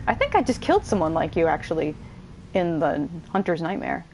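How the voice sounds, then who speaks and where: A woman giving casual let's-play commentary, chatty and quick to swear and laugh as she switches between the story and the gameplay. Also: fairly low pitch, wildly swooping pitch, a little mellow, a little hiss or hum. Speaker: gamer playing on video.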